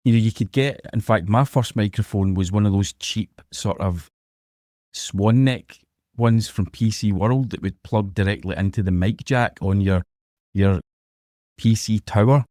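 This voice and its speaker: A man's voice: lowish voice, unhurried, a little mellow, no room sound, clean studio sound. A man with a Glaswegian accent, a podcast guest talking casually and telling stories. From Scotland. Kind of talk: podcast interview.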